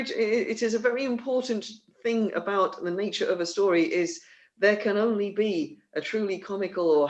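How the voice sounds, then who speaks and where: Chatty, jokey woman hosting a play reading. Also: mid-range voice. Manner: chatty, jokey, self-deprecating. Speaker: book-holder and host. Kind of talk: casual live-stream introduction. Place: home, on a video call. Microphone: video call mic.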